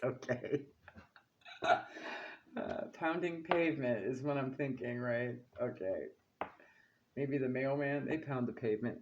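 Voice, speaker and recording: A man's voice: medium pitch, muffled recording. Chatty man giving an oracle card reading. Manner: chatty, asks "okay?" and "right?" often.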